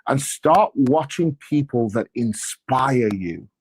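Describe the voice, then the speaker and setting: Energetic preacher man. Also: mid-range voice, slow, crowd noise. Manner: energetic, sarcastic, preacher-like emphasis. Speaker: apostle and church leader. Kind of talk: motivational faith and money talk.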